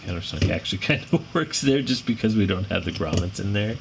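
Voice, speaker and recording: A man's voice: deep voice, animated, fast, gravelly. A middle-aged American man with a rambling, apologetic manner, chatting through a drone frame build on his own channel. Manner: rambling, self-deprecating, apologetic, growls when frustrated. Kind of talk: casual build tutorial chat. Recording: audible background noise.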